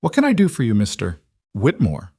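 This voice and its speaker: A man's voice: mid-range voice, fairly quick, breathy edge, dry recording, studio quality, exaggerated voice. A man voicing a determined young frontier woman who speaks steadily and defiantly. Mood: firm. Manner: steady, firm, quietly defiant.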